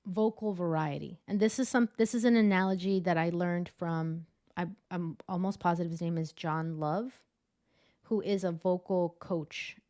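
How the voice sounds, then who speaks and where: A woman, an adjunct professor of public speaking, explaining vocal tips on a video call in an enthusiastic, animated way. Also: lowish voice, moderate pace. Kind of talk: casual interview chat.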